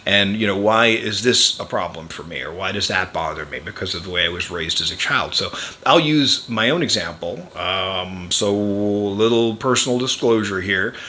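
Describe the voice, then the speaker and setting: Rambling older man with a forceful tone. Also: fairly low pitch, normal speed. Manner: rambling and anecdotal, with frequent fillers and wry chuckles. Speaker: podcast host and chiropractor. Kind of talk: casual personal storytelling.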